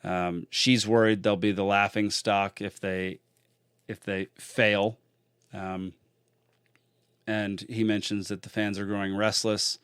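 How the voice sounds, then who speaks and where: A man hosts a casual solo podcast, talking in a loose, rambling way. His voice sits a little low and comes across smooth and clear. The sound is dry and close, with no room echo. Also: level tone, takes it slowly, a bit bright. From Texas. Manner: chatty and rambling, with many fillers and restarts. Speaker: podcast host.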